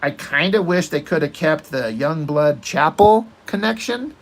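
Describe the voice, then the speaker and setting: Brief: unhurried male artist rambling opinions over his drawing, salty language. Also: on the high side, expressive. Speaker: artist working on a comic page. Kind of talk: casual rambling chat while drawing.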